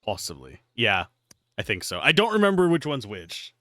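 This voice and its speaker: A man's voice: on the low side, wildly swooping pitch, moderate pace, bright, forceful tone, dry recording, studio quality. A man chatting casually over a game, making jokes and reading dialogue choices aloud. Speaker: streamer guest.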